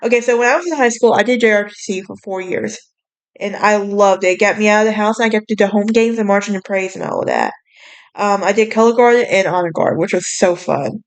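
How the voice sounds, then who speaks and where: A young woman with a Southern US accent hosts a podcast in relaxed, gossipy chat. She talks in a sassy, bubbly way and scatters fillers through her sentences. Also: mid-range voice, a little fast, clear, resonant tone. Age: young adult. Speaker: podcast host. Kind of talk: casual chat.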